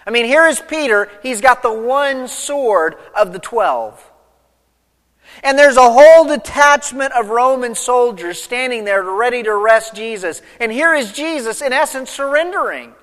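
A man's voice: very high-pitched, lively intonation, unhurried, fairly bright tone, big-room sound. A man preaching an expository sermon, retelling the story vividly and putting rhetorical questions to his listeners. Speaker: pastor.

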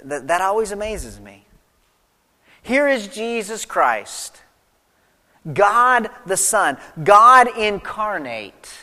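A man preaching a sermon, reading scripture aloud and then explaining it with emphatic swings between loud and soft. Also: high-pitched, sing-song, slow pace, long pauses, in a large hall. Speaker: pastor.

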